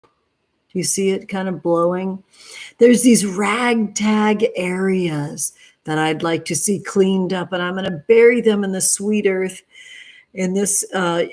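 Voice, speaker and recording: A tarot reader hosts a livestream from her backyard, chatting affectionately with viewers and calling them honey and sweetheart in a tender, doting way. Her voice is medium-pitched and steady, and she speaks slowly.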